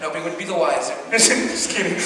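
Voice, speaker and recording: A man's voice: fairly high pitch, expressive, moderate pace, bright, forceful tone. A teenage boy doing a stand-up comedy set, telling rambling stories with frequent giggles and ums. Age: teens. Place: school auditorium. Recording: echoey hall from far off, faint noise.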